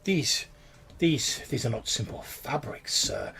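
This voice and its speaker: A man's voice: wildly swooping pitch, slow, vocal fry, a crowd in the background, exaggerated voice. A man voicing a fawning, pompous male master tailor who talks in a flowery, obsequious way. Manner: obsequious, flowery and high-pitched.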